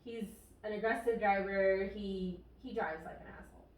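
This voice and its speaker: A woman's voice: mid-range voice, steady tone, normal speed, darkish tone. Female co-host, frank, profane chat, recorded at a distance in a roomy space. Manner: blunt, swears freely. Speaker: podcast co-host. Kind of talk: casual podcast chat. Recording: echoey room, far from the mic.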